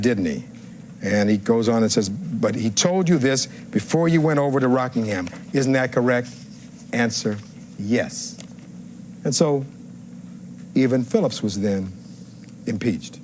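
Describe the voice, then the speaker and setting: A man's voice: mid-range voice, a little mellow, slight background noise. A man giving a courtroom closing argument as defense attorney, reading testimony aloud and firing rhetorical questions at the jury.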